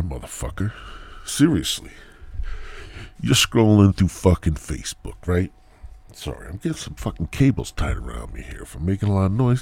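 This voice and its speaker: A man's voice: sits low, big pitch swings, normal speed, gravelly, a little mellow, husky. A man hosting a podcast alone, talking in a profane, rambling comedic monologue that drifts into mumbled asides. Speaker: podcast host. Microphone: new headset mic.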